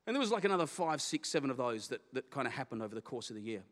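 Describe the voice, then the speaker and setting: A middle-aged man, a pastor, telling a candid personal story in a sermon with an animated, self-deprecating manner. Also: mid-range voice, racing. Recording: long hall reverb.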